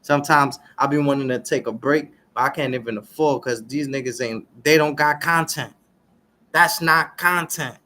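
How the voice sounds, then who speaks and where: A man vlogging in a casual, preachy rant full of street slang, often turning to his viewers with "y'all" and getting loud and animated when worked up. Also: mid-range voice, moderate pace. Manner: street slang, repeats "y'all" and "you understand what I'm saying". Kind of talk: casual ranting commentary to viewers.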